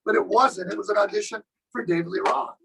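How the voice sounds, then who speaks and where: A man in his sixties tells stories as an interview guest. His voice sits very high and has a husky, gravelly grain. He is lively and acts out the lines of the people in his stories. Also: fast, poor audio. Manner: animated storyteller who acts out other people's lines. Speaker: guest drummer. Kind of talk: casual storytelling interview.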